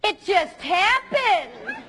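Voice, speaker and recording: A woman's voice: very high-pitched, sing-song, extremely slow, sharp tone, some chatter behind, voice pushed up, exaggerated voice. A woman putting on a flustered teen girl's excuses. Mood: sheepish. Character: flustered teenage girl making excuses.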